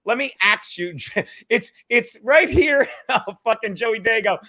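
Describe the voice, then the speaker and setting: High, bright-voiced profane male podcast host. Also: unhurried, dry recording, studio quality. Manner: profane, excitable storyteller, laughs and shouts. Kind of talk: casual comedic podcast chat.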